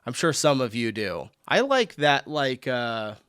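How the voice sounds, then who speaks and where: A man's voice: mid-range voice, big pitch swings, a little slow, a bit bright, clean tone, dry recording, clean studio sound. An American man hosting a reaction video, chatting casually, thinking aloud and often laughing between comments.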